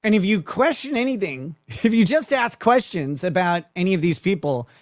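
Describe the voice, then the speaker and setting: A man's voice: sits high, big pitch swings, normal speed, no room sound. A man riffing through a mocking commentary, with a voice that swings widely up and down as he talks. He is sarcastic and profane, and he laughs often. The sound is dry, close and plain. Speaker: commentary show host.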